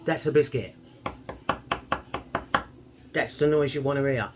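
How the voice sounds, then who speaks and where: A man's voice: mid-range voice, a little slow, heavy background noise. A man, chatting casually in a home cooking vlog, cheerful and rambling, joking about himself. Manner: cheerful, rambling, self-mocking.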